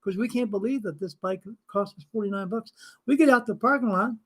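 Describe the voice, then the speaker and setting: An older man who works as a spirit medium hosts a live stream, telling a casual anecdote animatedly, acting out the dialogue and swearing now and then. His voice is high-pitched and brisk, with a breathy edge.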